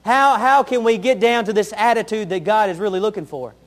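A man's voice: high voice, a little fast. A young adult man, a pastor, preaching a sermon in an earnest way, telling homely stories and repeating his key phrases.

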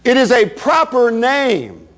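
A man's voice: very high voice, huge pitch swings, slow pace, fairly bright tone. A man preaching a Baptist sermon with a fervent, rising and falling cadence.

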